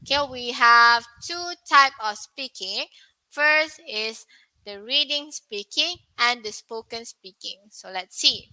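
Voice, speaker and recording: Slow, bright-voiced woman teaching English. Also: on the high side, no echo, poor audio. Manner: slow, repetitive, questions to viewers. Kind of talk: online pronunciation lesson.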